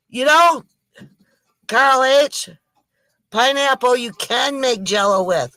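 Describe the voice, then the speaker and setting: Tipsy lady doing corny jokes on a home stream, slow and laughy, high voice. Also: expressive, pushed and bright, no room sound. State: tipsy from drinks. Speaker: live stream comedy host. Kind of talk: casual live stream joke-telling. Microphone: computer mic for a live stream.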